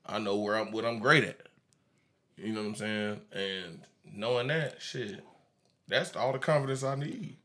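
A man's voice: fairly low pitch, normal speed, sharp tone. A man as a podcast guest, talking bluntly and casually, laughing often.

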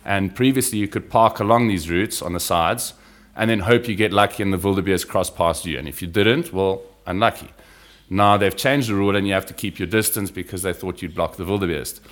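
A man with a notably deep, low voice speaks as a podcast guest. He tells his wildlife adventures in a relaxed, easygoing way, sinking into a hush over the quieter moments. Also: brisk. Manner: relaxed, anecdotal, drops to a hush when describing wildlife. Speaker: podcast guest, reptile field explorer. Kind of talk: casual conversational storytelling.

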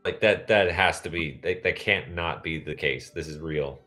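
Deep-voiced podcast guy rambling through tangents, casual chat. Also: moderate pace, sharp tone, soft background music. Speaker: podcast co-host.

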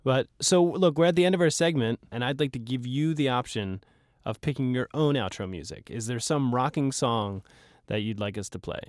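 Amiable radio host at a studio mic. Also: male voice, medium pitch, moderate pace, no room sound. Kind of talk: radio interview. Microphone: studio microphone.

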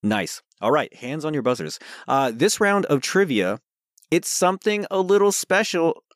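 Quizmaster man, lively and playful, wide pitch swings, dry close recording. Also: moderate pace, no room sound. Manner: playful, animated, goofy. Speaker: podcast co-host, trivia quizmaster. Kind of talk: casual chat, running a trivia game.

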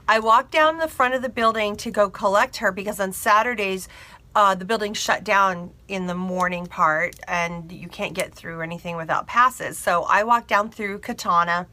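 A woman chattily telling a personal story to camera, animated and confiding, a bridal seamstress. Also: medium pitch, moderate pace.

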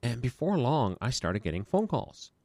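A man's voice: mid-range voice, very animated, normal speed, darkish tone, no room sound. A man who runs a small business, chatting casually and rambling through stories with a self-deprecating humor. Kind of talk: casual podcast conversation.

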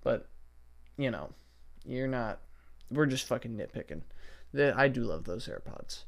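A man's voice: mid-range voice, lively intonation, measured pace, creaky. A young man hosting a casual solo podcast from a basement at home, rambling and cursing in an exasperated way into his podcast microphone. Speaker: podcast host. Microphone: podcast setup microphone.

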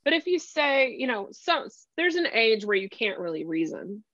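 A woman's voice: fairly high pitch, moderate pace, no echo, dull audio. A woman coach being interviewed, chatting casually and acting out little quoted scenes as she explains. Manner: chatty, animated storytelling with acted-out quotes. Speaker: podcast guest, career strategy coach.

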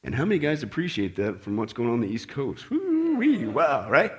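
A male pastor preaching a sermon to his congregation in a lively, animated way, checking in often with "okay" and "right" and acting out the voices of the people he quotes. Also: mid-range voice, quick pace. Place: church in Las Vegas.

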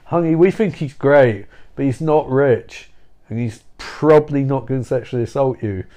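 A man's voice: mid-range voice, moderate pace, mellow, pitched below the performer's own voice, natural voice. A man voicing a condescending woman from a book club in an improvised comedy story. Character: bossy women of a book club.

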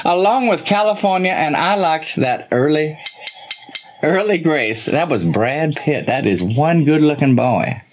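A man's voice: fairly high pitch, lively intonation, measured pace, slight background noise. A man voicing a flamboyant, boastful southern belle lady with a Kentucky accent who calls everyone darling. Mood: flirty, boastful. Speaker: co-host. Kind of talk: improvised comedy live stream.

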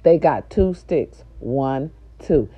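An older woman, a nurse's aide and grandmother, telling an indignant, profane story straight to her viewers in a loud, animated rant. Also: rumbling low, takes it slowly, slightly rough, lo-fi sound.

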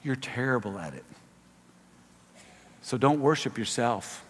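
A man preaching a sermon as pastor to a church congregation, swinging between emphatic, raised exhortations and quieter asides with fillers. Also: mid-range voice, expressive, a little slow, breathy edge. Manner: impassioned, rising to emphatic peaks, frequent fillers in asides. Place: church sanctuary. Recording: long reverb of a large hall.

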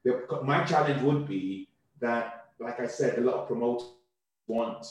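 Fast-talking man in an echoey room. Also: mid-range voice. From Nigeria. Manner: quick, animated, repeats words while thinking. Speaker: guest comedian. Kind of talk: casual interview chat.

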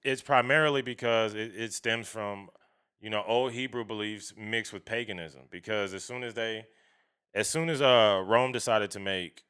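A man with a low voice speaks in a bright, clear tone. He talks casually and bluntly, swearing freely. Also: moderate pace. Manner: blunt, profane, animated storytelling. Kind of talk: casual chat.

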